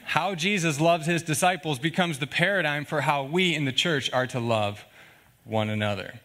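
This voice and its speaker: A man's voice: mid-range voice, sharp tone. A man preaching a sermon in an earnest, conversational way, often checking in with the congregation with asides like "okay?" and "all right?". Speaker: pastor.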